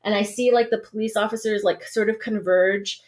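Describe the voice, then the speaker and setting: A woman's voice: medium pitch, moderate pace. A woman from the Navajo Nation, an organizer, recounting an experience in casual speech with many "like"s and restarts. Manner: heavy use of "like" and restarts, animated storytelling. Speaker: organizer, podcast guest.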